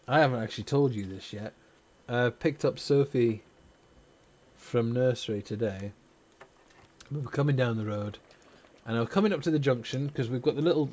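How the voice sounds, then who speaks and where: A man's voice: mid-range voice, a little mellow. A man and parent hosting a gaming stream, chatting casually and opinionatedly with plenty of swearing. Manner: rambling, swears freely, opinionated. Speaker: gaming channel host. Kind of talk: casual chat over gameplay.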